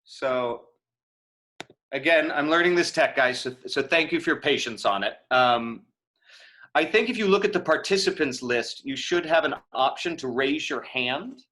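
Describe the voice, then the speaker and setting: A man's voice: medium pitch, expressive, moderate pace, sharp tone. A man teaching an acting class on a video call, answering chat questions in a casual, chatty way, thinking aloud with many fillers and restarts. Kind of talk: live online lecture Q&A.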